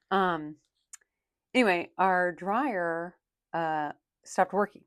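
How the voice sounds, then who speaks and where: Young mom vlogging her budget, low voice, rambly, says like a lot, dry close sound. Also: takes it slowly, long pauses, no room sound. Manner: chatty, rambling, many "like"s. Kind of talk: casual chat while counting cash.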